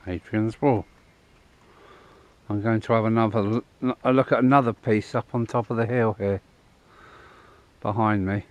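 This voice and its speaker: A middle-aged man and truck driver, chatting casually in a rambling way while filming himself outdoors by a roadside and an old wall. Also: lowish voice. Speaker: travel vlogger and truck driver. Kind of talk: casual travel vlog to camera.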